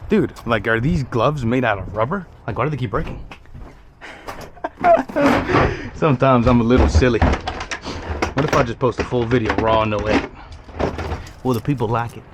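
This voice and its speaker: A man's voice: mid-range voice, a little fast, heavy background noise. A man casually talking to himself and his viewers in a joking way while working on a car outdoors. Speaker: DIY car repair vlogger. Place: outdoors on a windy day.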